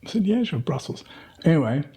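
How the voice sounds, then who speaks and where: A middle-aged man with a husky, mellow voice wanders through anecdotes in a relaxed interview. His tone is dark and breathy, and he keeps stopping to restart his sentences. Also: fairly high pitch, brisk. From Tasmania, Australia. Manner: rambling storyteller with many fillers and restarts. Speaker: guest. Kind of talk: casual conversational interview.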